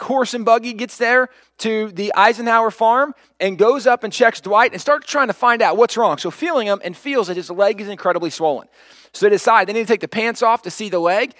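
High-voiced man telling a sermon story. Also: no echo, studio quality. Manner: animated storyteller, acts out quoted lines. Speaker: pastor.

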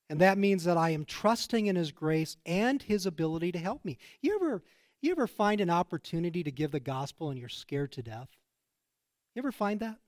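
A man's voice: on the high side, no room sound, clean studio sound. A middle-aged man, a pastor, preaching an earnest, emphatic sermon sprinkled with personal stories.

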